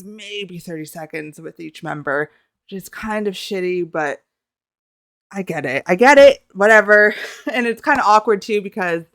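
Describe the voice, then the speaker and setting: Close, dry audio without room sound carries a young Canadian woman's smooth, clear, slightly low voice. Vlogging from home, she tells a casual reaction story in an excitable, flustered, gushing ramble laced with swearing.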